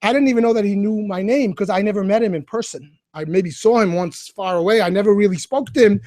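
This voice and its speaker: Animated high-voiced rabbi telling stories. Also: male voice, fast talker, no room sound, clean studio sound. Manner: animated storyteller, addresses children directly. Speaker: rabbi speaking to schoolchildren. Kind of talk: storytelling talk.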